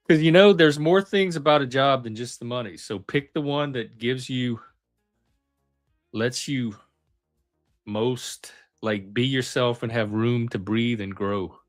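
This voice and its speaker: A man hosting a live panel stream, chatting casually in a relaxed, friendly way and laughing easily. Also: medium pitch. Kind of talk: casual chat.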